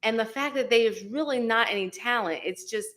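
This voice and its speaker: A woman's voice: a little high, normal speed, a crowd in the background. A woman co-hosting a live stream, chatty and playful as she reads viewer comments aloud. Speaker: co-host reading chat. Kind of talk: casual live-stream chat.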